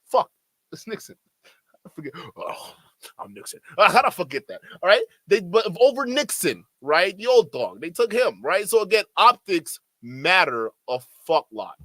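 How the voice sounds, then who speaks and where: A man's voice: high voice, sing-song, bright, forceful tone, no echo. A man commentating on a debate clip during a live stream, heated and profane, mocking the people in it. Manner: heated, profane, rapid-fire, with mocking quoted voices.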